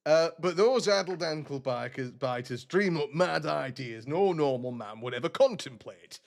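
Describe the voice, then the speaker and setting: A man's voice: a little high, expressive, moderate pace, creaky. A man voicing a boastful, coarse male bandit boss reading out his own notice in a swaggering way.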